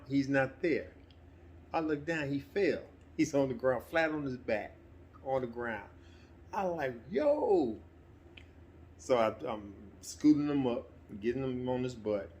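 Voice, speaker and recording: A middle-aged man telling a personal story in a relaxed, conversational way, sometimes getting animated. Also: mid-range voice, a little hiss or hum. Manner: relaxed, conversational, breaks into animated quoted voices. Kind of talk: casual spoken anecdote.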